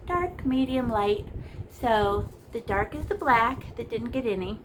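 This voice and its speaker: A woman's voice: on the high side, lively intonation, measured pace, distant mic, noisy background. A woman teaching a painting lesson in a chatty, playful way, talking through every brushstroke. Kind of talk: casual painting tutorial.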